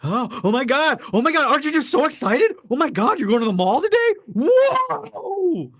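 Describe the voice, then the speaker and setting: A man's voice: sing-song, moderate pace, a bit bright, no echo, studio quality, exaggerated voice. A man voicing a gushing, overexcited person who squeals with joy. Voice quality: shrill, squealing.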